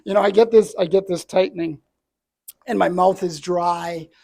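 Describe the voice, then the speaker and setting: Speaking unhurriedly with fairly even intonation, a middle-aged man from Canada, an entrepreneur, earnestly reflects on what happened to him. His voice sits a little high, with a gravelly, creaky edge and a darkish tone.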